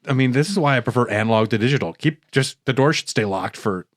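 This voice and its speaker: A man's voice: mid-range voice, expressive, quick pace, dry recording, studio quality. A man co-hosting a podcast, giving wry, opinionated takes on a movie. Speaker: podcast co-host. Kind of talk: casual movie discussion.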